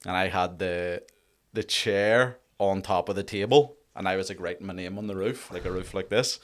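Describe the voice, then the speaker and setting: Brief: podcast guest, very low voice, relaxed sweary storyteller. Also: male voice, normal speed. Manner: swears casually, laughs at his own stories. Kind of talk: casual chat.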